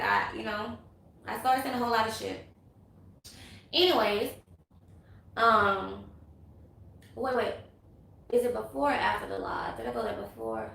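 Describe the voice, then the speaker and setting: A young woman, telling a storytime vlog in a casual, animated and profane way, speaking straight to her viewers. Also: fairly high pitch, vocal fry, slight background noise. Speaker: vlogger. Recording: echoey room, mic at a distance.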